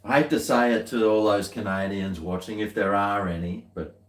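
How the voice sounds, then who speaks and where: A man's voice: lowish voice, moderate pace, reverberant. An Australian man chatting casually while tasting beer, rambling along with dry, muttered asides.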